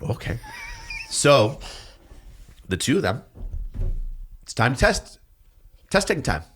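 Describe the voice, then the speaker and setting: A man telling stories on a podcast as a guest, animated and profane, with loud outbursts when he quotes other people. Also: medium pitch, slow, breathy edge. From New York. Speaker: podcast guest, police detective and drill sergeant. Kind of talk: casual storytelling.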